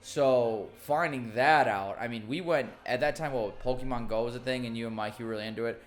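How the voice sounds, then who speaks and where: A man's voice: mid-range voice, fairly quick, faint music behind. A man hosting a podcast, telling a funny story in casual chat, swearing freely and laughing along. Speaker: podcast host.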